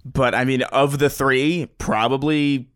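A man co-hosting a gaming podcast, easygoing and quick to laugh, giving short agreeing replies. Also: medium pitch, fairly even intonation, no echo, clean studio sound. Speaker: podcast co-host. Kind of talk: casual chat.

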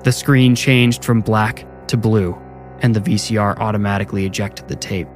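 A man narrating a scripted first-person horror story in a measured, low-key way. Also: fairly even intonation. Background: music.

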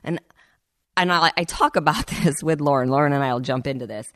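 A woman's voice: low voice, a little fast, fairly bright tone, no echo, studio quality. A woman hosting a podcast, telling a personal story in a casual, chatty way and often talking straight to her listeners. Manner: chatty, addresses listeners as "you guys". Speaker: podcast host.

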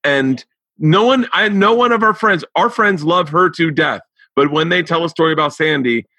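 Bright-voiced, profane podcast host man. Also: fairly high pitch, moderate pace, no room sound. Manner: profane, stammering restarts. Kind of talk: casual chat.

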